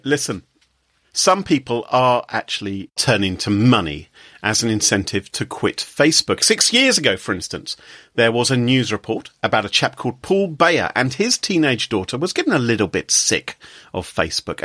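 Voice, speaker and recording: A man's voice: medium pitch, moderate pace, dry recording, clean studio sound. A man hosting a podcast, playful and jokey, telling stories in casual chat. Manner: playful, jokey, animated storytelling. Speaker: podcast host.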